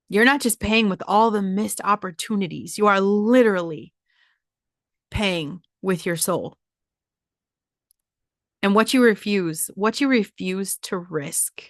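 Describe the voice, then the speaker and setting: A woman's voice: medium pitch, no echo, studio quality. Blunt, profane woman podcast host. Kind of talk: motivational monologue.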